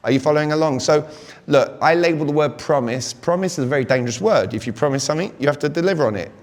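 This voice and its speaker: British man with a high voice, booming hall. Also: fast talker. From Britain. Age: 40s. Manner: energetic, keeps quizzing the audience. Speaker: conference speaker. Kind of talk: live motivational sales talk. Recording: long reverb of a big hall.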